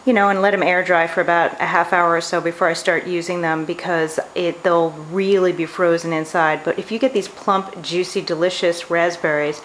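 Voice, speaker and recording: A middle-aged woman chatting her way through a home cooking demonstration in her kitchen, homey and relaxed, often saying "you know". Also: on the low side, normal speed, hardly any pauses, slight background noise, rough recording. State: talking with mouth full at times. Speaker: home cook demonstrating a recipe.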